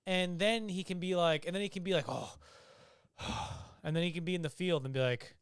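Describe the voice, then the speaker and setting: A man's voice: sits high, moderate pace, clean tone, no room sound, clean studio sound. A young man co-hosting a podcast, chatting casually and animatedly, swearing and acting out scenes. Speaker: podcast co-host. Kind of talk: casual chat.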